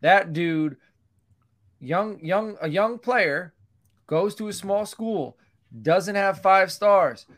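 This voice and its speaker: A man's voice: sits high, takes it slowly, fairly bright tone. Emphatic man talking football on a podcast. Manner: emphatic, repeats words for stress. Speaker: podcast co-host. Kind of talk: casual sports chat.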